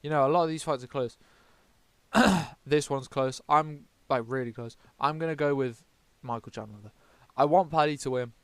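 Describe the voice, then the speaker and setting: A man's voice: a little high, moderate pace, a bit bright, clean tone, no echo. A man from the UK giving casual fight predictions, rambling, swearing often and correcting himself as he goes. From United Kingdom. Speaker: MMA vlogger.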